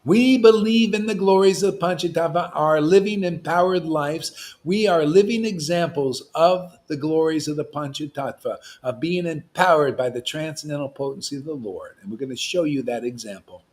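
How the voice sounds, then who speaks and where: A man preaching informally to his followers, in a voice that sits a little high for a man. He is animated and provocative, jumping from loud outbursts to near-whispered asides, with frequent laughter. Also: normal speed, hardly any pauses. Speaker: spiritual teacher.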